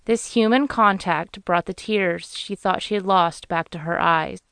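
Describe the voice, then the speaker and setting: A woman narrating a romance audiobook in a measured, even storytelling manner on a close studio mic. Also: fairly low pitch, vocal fry, smooth, dry recording. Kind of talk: scripted narration.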